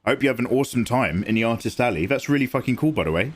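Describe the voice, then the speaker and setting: Speaking in a mid-range voice, this young man from England sounds animated and talks at a racing speed. He's a livestream artist who chats with his audience, responds to their messages, and walks them through his drawing as he works.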